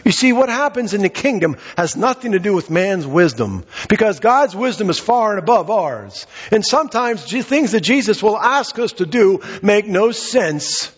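A man's voice: high-pitched, very animated, normal speed, hardly any pauses, slightly rough. A man preaching a sermon, retelling scripture and asking his congregation rhetorical questions. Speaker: pastor. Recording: reverberant hall, dull muffled sound.

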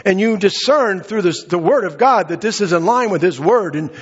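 A man's voice: high-pitched, lively intonation, normal speed, breathy edge. A man preaching a sermon, retelling scripture and asking his congregation rhetorical questions. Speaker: pastor. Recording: reverberant hall, dull muffled sound.

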